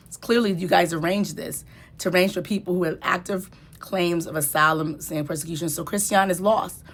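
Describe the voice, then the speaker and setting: Low-pitched woman legal commentator, chatty and emphatic, casual explainer. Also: steady tone, a little fast. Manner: conversational, grows heated and emphatic.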